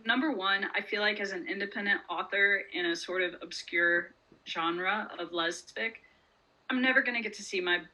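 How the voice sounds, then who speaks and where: A woman author talking loosely in an interview, her voice bright and forward. She rambles a little, peppering her thoughts with "like" and "um", and laughs easily as she goes. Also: medium pitch, moderate pace, poor audio. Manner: chatty, lots of "like" and "um", laughs often. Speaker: author guest. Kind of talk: casual interview chat.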